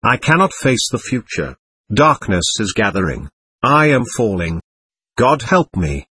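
A man reading the part of a guilty, panicked man who has just died, with a slightly husky voice. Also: fairly low pitch, sing-song, measured pace, bright, forceful tone, dry recording, heavily acted. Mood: despairing. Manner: frantic, pleading.

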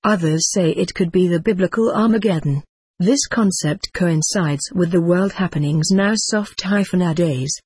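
Flat text-to-speech audiobook narrator. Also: mid-range voice, moderate pace, husky, dry recording. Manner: flat, even synthetic delivery.

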